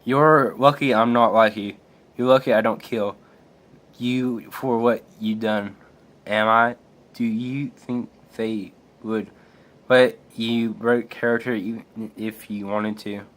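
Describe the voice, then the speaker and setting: A man reading aloud the lines of a cocky young web-slinging hero from a comic in his own slow, flat voice. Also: lowish voice. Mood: taunting.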